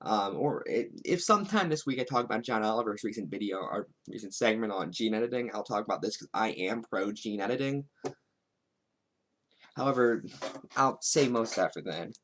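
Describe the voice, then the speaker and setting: A man's voice: fairly low pitch, expressive, normal speed, a bit bright. Guy doing a sarcastic political commentary show, wry and dry. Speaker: host.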